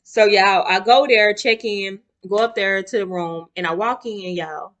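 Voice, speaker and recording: A woman's voice: mid-range voice, a little slow. A young woman, talking to camera in a chatty storytime vlog and acting out her relatives' voices. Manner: animated, acts out relatives' voices, chatty with y'all asides. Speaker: vlogger.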